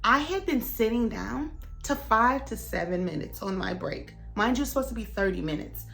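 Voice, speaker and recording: A woman's voice: a little high, moderate pace, creaky, hardly any pauses, soft background music. A young woman vlogger casually recounting a workplace story, acting out each line she quotes with lots of expression. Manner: animated, dramatic retelling with voiced quotes.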